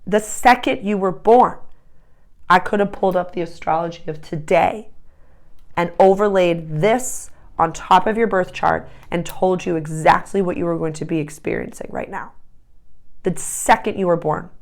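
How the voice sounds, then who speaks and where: A woman's voice: on the low side, moderate pace. A woman talking casually and enthusiastically as an astrologer and tarot reader, emphatic and prone to rambling asides. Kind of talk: casual spiritual vlog talk.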